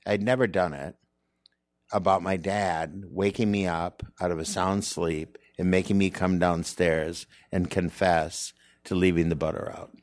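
A stand-up comedian being interviewed, talking in an earnest, reflective, rambling way. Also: male voice, deep voice, fairly even intonation, a little slow, no room sound, studio quality. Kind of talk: candid interview conversation.

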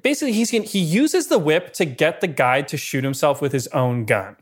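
A man's voice: a little high, a little fast. Man chatting through film trivia. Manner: lively storytelling with asides and chuckles. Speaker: podcast co-host. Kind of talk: casual film-history chat.

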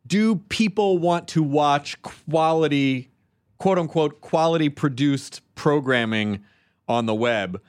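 A man's voice: fairly high pitch, takes it slowly, no echo, studio quality. A man hosting a casual interview, easygoing and teasing, swearing casually. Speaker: host.

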